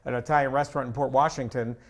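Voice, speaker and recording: Animated storytelling man, comedian guest. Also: medium pitch, very fast. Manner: animated, drops into impressions of people. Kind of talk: casual storytelling chat.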